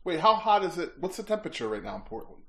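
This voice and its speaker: A man's voice: high-pitched, very animated, fast talker. A man casually teasing a fellow player, crude and joking. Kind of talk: casual chat.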